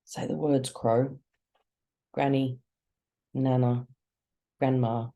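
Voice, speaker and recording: Audiobook reader, slow and measured, gravelly dark tone, first-person narration. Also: medium pitch, flat delivery. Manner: slow, measured, dramatic pauses.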